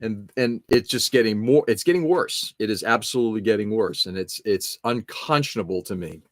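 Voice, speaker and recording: A man from the United States with a lowish voice hosts a live podcast show, venting about politics in a brisk, frustrated, blunt and profane way. He often restarts his sentences, and there's no echo.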